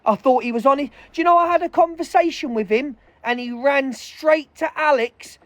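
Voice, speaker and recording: A woman's voice: sits high, normal speed, no room sound. A woman streaming live, furiously ranting with heavy swearing and calling out other creators. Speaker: livestreamer. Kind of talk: angry livestream rant.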